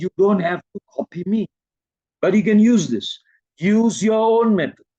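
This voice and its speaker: A Malaysian man leads a workshop at an unhurried, drawn-out pace, calm and soothing, with his voice falling to a hush when he guides people through breathing. His voice sits fairly high but sounds mellow. The recording is dull and lo-fi, with a dry sound. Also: dry recording. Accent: Malaysian English. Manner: slow, soothing, drops to near-whispers when guiding breathing. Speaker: meditation and presentation trainer. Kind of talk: workshop teaching with guided demos.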